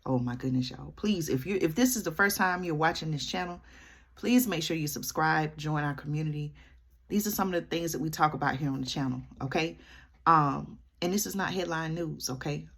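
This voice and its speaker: A woman's voice: low voice, fairly quick, a bit bright, slightly rough. A woman, commenting to camera and keeping up a running chat with her viewers, checking in with them often. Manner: chatty, keeps addressing viewers with "y'all" and "okay?". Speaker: vlogger.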